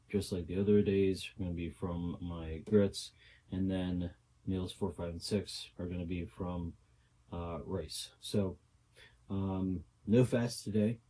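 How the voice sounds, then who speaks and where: A man's voice: deep voice, steady tone, takes it slowly, mellow, low-quality recording. A young man talking casually through a cooking vlog, rambling with lots of fillers and little asides. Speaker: bodybuilder vlogger.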